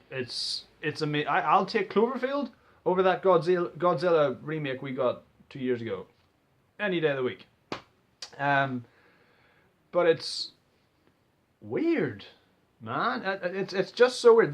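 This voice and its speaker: A young man excitedly rambling through a casual movie trailer reaction, swearing freely and restarting his sentences. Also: on the high side. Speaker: vlogger.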